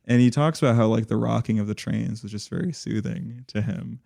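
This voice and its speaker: A man's voice: lowish voice, brisk, gravelly, mellow. A man co-hosting a podcast, talking casually and rambling, with many fillers and restarts. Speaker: podcast co-host.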